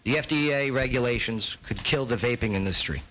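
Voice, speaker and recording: Joking, loud male talk show host. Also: mid-range voice, a little fast, low-quality recording. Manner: joking, loud reactions, many fillers. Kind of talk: casual chat, reacting to clips.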